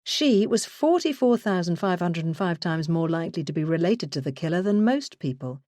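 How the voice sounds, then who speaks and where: A woman narrating a first-person true crime memoir in a measured, earnest way. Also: on the low side, animated, darkish tone, no room sound, studio quality. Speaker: audiobook narrator.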